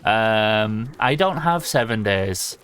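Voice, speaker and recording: A man's voice: on the low side, animated, takes it slowly, fairly bright tone, slight background noise. Sweary, rambling young man. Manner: rambling, sweary, laughs often. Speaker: livestreamer. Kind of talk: casual gaming stream chatter.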